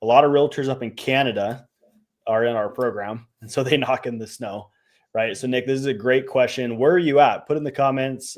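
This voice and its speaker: A man's voice: mid-range voice, a little mellow. A young man co-hosting a live stream, giving casual coaching advice in a loose conversational way, full of fillers and trailing off at the ends of phrases. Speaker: co-host, real estate trainer.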